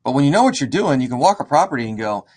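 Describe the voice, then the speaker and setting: Man, real estate investor, animated storyteller, acts out the voices, mid-pitched. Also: rapid-fire, slightly rough. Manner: animated, acts out quoted dialogue. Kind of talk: casual storytelling to an audience.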